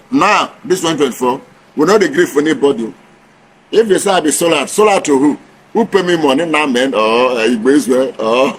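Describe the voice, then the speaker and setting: A man's voice: a little high, a little hiss or hum, low-quality recording. A man with a Nigerian accent, talking straight to camera, mixing Pidgin and English and preaching with rhetorical questions. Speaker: vlogger. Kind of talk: direct-to-camera opinion talk.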